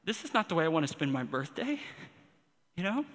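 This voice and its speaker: Bright-voiced man preaching in echoing hall. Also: a little high, sing-song. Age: 40s. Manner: earnest, personal, builds intensity with pauses. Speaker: pastor. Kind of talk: sermon.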